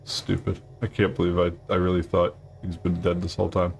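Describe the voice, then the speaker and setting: Male streamer, low voice with gravel, laid-back play-along commentary over faint music. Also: fairly quick, slight background noise. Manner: relaxed, thinking aloud while building. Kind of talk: casual gameplay commentary.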